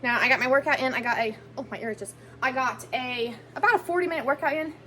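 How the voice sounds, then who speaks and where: A woman's voice: high voice, quick pace, bright, forceful tone, a little hiss or hum. A woman, chatting casually while cooking dinner in her home kitchen and filming on a handheld phone. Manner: chatty, rambling, self-correcting. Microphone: handheld phone camera.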